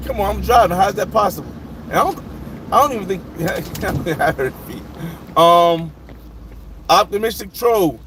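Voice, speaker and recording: A man's voice: fairly high pitch, animated, normal speed, a bit bright. A man hosting a casual livestream from his car as he drives, reading out viewer names and talking over the chat. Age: adult. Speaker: livestream host. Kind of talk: casual live chat while driving. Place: inside a moving car. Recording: road and engine noise behind.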